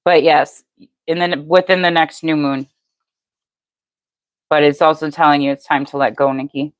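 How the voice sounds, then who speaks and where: With a low voice and a moderate pace on a dry recording, an older tarot reader chats through a live-stream reading. Her delivery is even and matter-of-fact, and she speaks to viewers by name.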